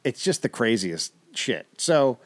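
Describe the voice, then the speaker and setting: A man's voice: mid-range voice, sing-song, a little slow. A man co-hosting a comedy podcast, telling a history story casually with wry asides and the odd swear.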